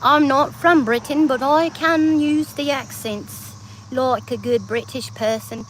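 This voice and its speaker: High-voiced Southern woman chatting outdoors. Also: a little slow, fairly bright tone, slight background noise. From Georgia, US South. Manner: chatty, laughs often, sings snatches of songs. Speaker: livestreamer. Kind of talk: casual live-stream chat. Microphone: phone.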